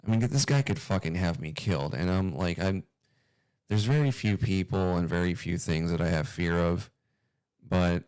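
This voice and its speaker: Deep smooth-voiced man, rambling commentary. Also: no room sound. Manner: rambling, profane, uneasy. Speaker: commentary video host. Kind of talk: casual commentary.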